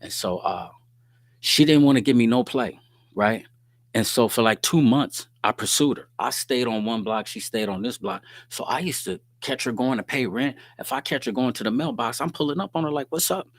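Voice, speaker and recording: A middle-aged man hosts a casual talk stream, telling stories in streetwise slang, reading viewer comments, and often asking "you dig what I'm saying." His mid-range voice has lively intonation at a moderate pace, with no echo.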